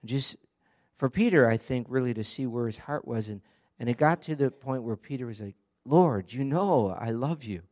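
A man's voice: medium pitch, moderate pace, few pauses, darkish tone. A man preaching an earnest, conversational sermon, often asking the congregation direct questions. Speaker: pastor.

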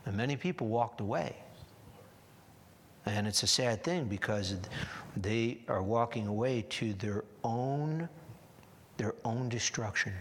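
A man's voice: mid-range voice, a little slow, pauses often, a little hiss or hum. A man preaching a sermon earnestly, often restarting phrases and rising in emphasis. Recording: long hall reverb.

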